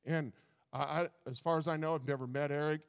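A man's voice: fairly high pitch, steady tone, fairly quick, vocal fry, clear, resonant tone. Folksy male preacher in a reverberant hall. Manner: folksy, repeats words at restarts. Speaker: pastor. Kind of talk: sermon.

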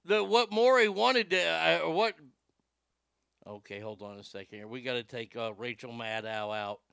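A man's voice: mid-range voice, expressive, normal speed, vocal fry, fairly bright tone, smooth, no echo. A man hosting a political commentary show, sarcastic and profane, mocking what he plays. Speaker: host.

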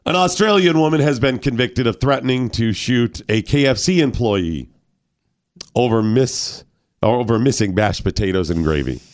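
A man's voice: mid-range voice, normal speed. A male radio host trades banter in a studio, keeping it casual and breaking into little acted-out scenes. His mid-range voice rises and falls freely as he tells the story. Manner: animated, acts out imagined arguments.

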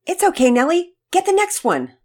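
A woman voicing a nervous father yelling encouragement to his child from the dugout. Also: very high voice, wildly swooping pitch, moderate pace, voice pushed up, exaggerated voice. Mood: urgent cheering.

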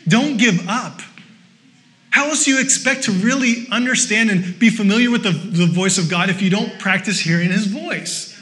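High, bright-voiced male pastor preaching. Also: normal speed. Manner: lively and conversational, with joking asides; exhorting, repeating short phrases. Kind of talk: sermon.

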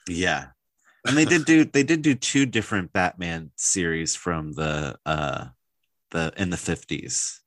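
A man with a low, deep voice chats casually and eagerly, rambling through his thoughts with plenty of filler words. The sound is dry and close. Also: expressive, unhurried, a bit bright, dry recording. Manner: enthusiastic, rambling with many fillers. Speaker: podcast co-host. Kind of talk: casual chat.

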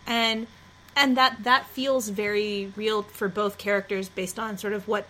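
A woman's voice: mid-range voice, level tone, a little slow, pushed and bright. A woman hosting a podcast, chatting and laughing often, a little self-deprecating. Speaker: podcast host. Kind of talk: casual chat.

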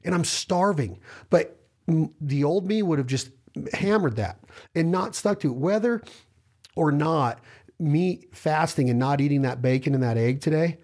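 A man with a fairly high, slightly mellow voice speaks a little slowly in a rambling casual chat. He tells stories, acts out what people say to him, and is hungry while fasting.

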